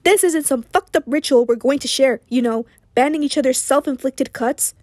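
A woman's voice: high voice, normal speed, darkish tone, dry recording, clean studio sound. Woman reading as a bitter, hurting young man. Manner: bitter, strained. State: hoarse. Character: hurt, angry young man, bitter and tearful.

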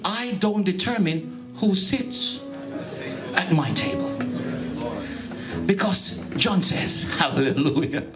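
A man's voice: high-pitched, very animated, slow pace, long pauses, music in the background. A Jamaican-born man preaching a sermon to his congregation, emphatic and repeating his phrases, calling out to the listeners. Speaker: pastor. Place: church hall.

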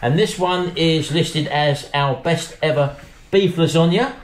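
Male host, chatty food-review talk, slightly high voice, roomy echo and faint noise. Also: unhurried. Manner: chatty, addresses viewers as folks. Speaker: channel host. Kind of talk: casual food review chat. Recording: echoey room, faint noise.

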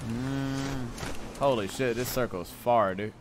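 A young man streaming a game, talking in excitable slang, swearing and calling everyone bro. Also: mid-range voice, takes it slowly. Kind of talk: live gameplay commentary. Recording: noisy with clicking keys.

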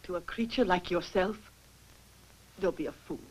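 A defiant young daughter. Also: female voice, moderate pace, a little mellow, husky, rough recording. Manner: high-strung, defiant, rising to cries. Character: defiant young woman, fragile yet fierce. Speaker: professor's daughter. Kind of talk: dubbed film acting.

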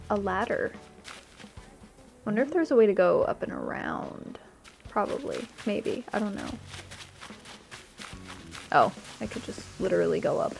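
A woman's voice: mid-range voice, creaky, darkish tone. A woman giving casual, gushing commentary while she tours a game island, easily delighted and chatty. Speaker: streamer touring a game island.

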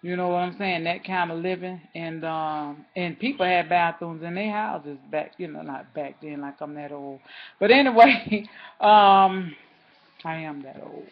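A woman's voice: fairly low pitch, measured pace, dull audio. A woman vlogger telling a rambling story in a casual, chatty way, talking straight to her viewers.

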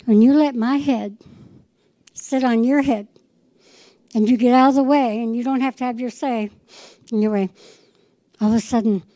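A woman's voice: fairly high pitch, steady tone, normal speed, pauses often, warm tone, dry recording, rough recording. A middle-aged woman pastor preaching a fervent sermon, acting out conversations with the Lord. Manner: fervent, quotes the Lord in dialogue.

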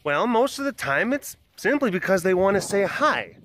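A man's voice: high voice, sing-song, normal speed, hardly any pauses, a bit bright. A man who keeps big cats answers children's questions outdoors by the enclosures, patiently and simply, and addresses each child by name. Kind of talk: explaining to preschoolers.

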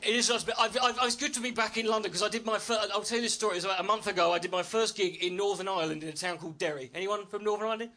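A man's voice: high-pitched, rapid-fire, hardly any pauses, sharp tone, a little hiss or hum. A man doing a stand-up routine on a club stage, brash, sweary and self-mocking. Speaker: stand-up comedian. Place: comedy club stage with audience.

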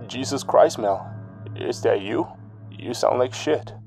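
A man voicing a middle-aged male archaeologist, an old friend, speaking in a quieter, hushed way. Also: medium pitch, slow, vocal fry, faint music behind. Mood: urgent.

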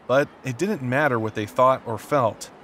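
A man narrating an audiobook in a steady, measured storytelling voice. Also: mid-range voice, a little hiss or hum. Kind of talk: scripted narration.

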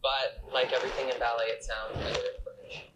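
A man's voice: medium pitch, level tone, fairly quick, close to an everyday voice. An actor playing a sly young male ballet dancer in a TV drama, talking in a smug, teasing way. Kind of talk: TV drama acting. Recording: TV clip with clear background noise.

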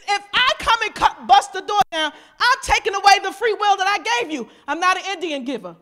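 Her pitch is extremely high and her pace a little fast as this woman pastor gives an energetic, informal sermon. Talking with the congregation, she imitates voices and alternates booming emphasis with hushed asides.

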